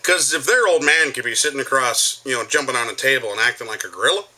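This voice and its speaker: A man's voice: medium pitch, fast. A man talking casually to camera, telling stories and slipping into impressions. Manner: animated, jumps between impressions. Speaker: vlogger. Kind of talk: casual storytelling monologue.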